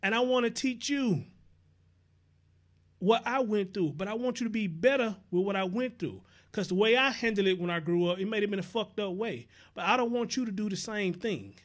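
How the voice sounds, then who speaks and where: A young man hosting a casual livestream, chatty and earnest, reading viewer comments and giving shout-outs. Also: sits high, moderate pace. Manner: earnest preaching tone on serious topics. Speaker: livestream show host.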